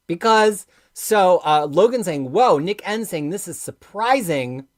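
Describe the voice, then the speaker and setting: A woman hosting a live comics stream in a lowish voice that rises and falls with lively, animated swings. She speaks with passion and bursts into loud, emphatic peaks. Between them she drops into quiet, offhand asides as she reads viewer comments. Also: measured pace. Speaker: comics livestream host.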